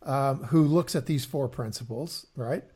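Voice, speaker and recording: A man co-hosting a casual investing podcast, his voice sitting at an ordinary middle pitch. He talks in a relaxed way and often repeats words and reaches for fillers while he explains. The delivery stays conversational and unscripted. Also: a little slow, slightly rough. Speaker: podcast co-host.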